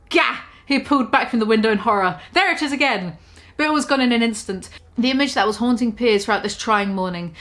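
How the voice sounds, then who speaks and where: A woman casually reading her own comic story aloud, tripping over words and poking fun at herself. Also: fairly high pitch. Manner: stumbling, self-deprecating, laughs at her own writing.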